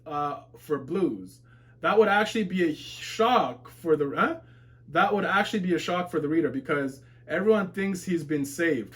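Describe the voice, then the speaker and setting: A man streaming a live webtoon reaction, reading viewer comments aloud and reacting with laughs, curses and outbursts. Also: on the high side. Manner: excitable, swears and shouts at plot twists, laughs often.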